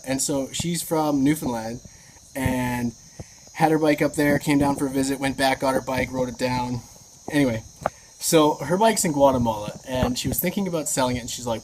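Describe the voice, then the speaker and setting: A woman on a motorcycle trip, chatting in a casual video diary, excitable and incredulous, swearing freely. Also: very deep voice, a little fast, noisy background. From Canada. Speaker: motorcycle travel vlogger.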